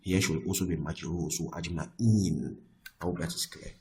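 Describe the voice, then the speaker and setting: A man teaching Arabic grammar, often repeating himself and checking with "I hope that is clear.". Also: sits low, moderate pace, mellow, poor audio. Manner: restarts and repeats words often. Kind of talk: explaining Arabic grammar on screen.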